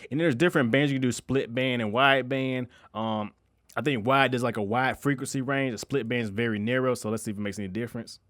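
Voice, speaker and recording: A young man talks through a production tutorial at a quick clip. He speaks in a loose, slangy way and restarts his sentences often. The voice sounds dry and close, with little room around it. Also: medium pitch, steady tone, fairly bright tone, dry recording. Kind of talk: casual screen-recorded tutorial.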